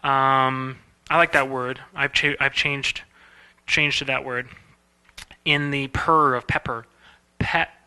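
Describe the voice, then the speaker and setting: A man's voice: medium pitch, fairly even intonation, unhurried, long pauses, bright, forceful tone, smooth. A man giving a casual, playful animation lecture, demonstrating words aloud as he teaches. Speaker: animation instructor. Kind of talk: recorded lecture.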